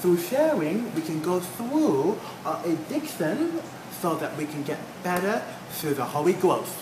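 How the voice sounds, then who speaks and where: A man's voice: sits high, big pitch swings, unhurried. A man playing a preachy, bossy leader of a mock support group who keeps chanting slogans. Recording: echoey room, clear noise.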